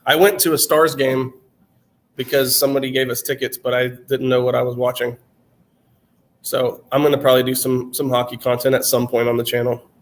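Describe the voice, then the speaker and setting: A man's voice: medium pitch, level tone, a little fast. A man in his twenties with a general American accent, chatting casually on a live stream and answering questions, his voice worn out, rambling with many fillers and restarts. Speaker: channel host answering chat.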